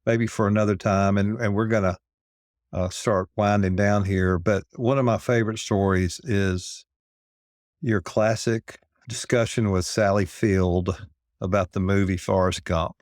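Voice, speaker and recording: A man hosting a podcast, asking questions in an easygoing, relaxed way. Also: fairly low pitch, a little slow, no echo, clean studio sound. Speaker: podcast host. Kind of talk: casual interview.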